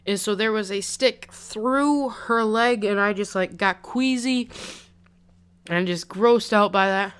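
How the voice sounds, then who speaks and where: Young man, chatty rambling storyteller, very clear smooth voice, desk mic with pop filter. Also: sits high, slow pace, a bit bright. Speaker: vlogger. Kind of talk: casual storytime vlog.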